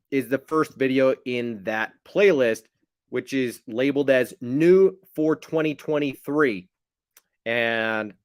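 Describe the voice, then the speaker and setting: A man talks casually to his viewers, rambling along with plenty of fillers and ribbing one of them. His voice is mid-pitched and the sound is dry and close, with no room around it. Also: dry recording. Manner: rambling, chatty, teasing a viewer. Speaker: channel host. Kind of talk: casual livestream chat.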